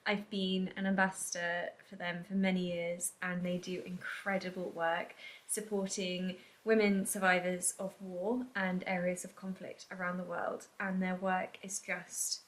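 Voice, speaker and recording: A woman vlogging in a casual, chatty way, full of "like" and "um", her voice softening and trailing off at the ends of phrases. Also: fairly low pitch, flat delivery, measured pace, few pauses. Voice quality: soft-spoken, trails off quietly at phrase ends. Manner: chatty, filler-heavy with frequent "like" and "um". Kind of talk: casual vlog chat to camera. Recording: echoey room.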